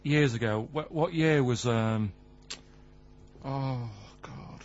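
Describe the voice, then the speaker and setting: A man with a Mancunian accent, speaking at a middling pitch in a flat, deadpan manner. His questions come out literal and unhurried. The sound is a little dull and lo-fi. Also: slight background noise. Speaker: radio show regular. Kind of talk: casual radio banter. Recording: slightly dull lo-fi radio recording.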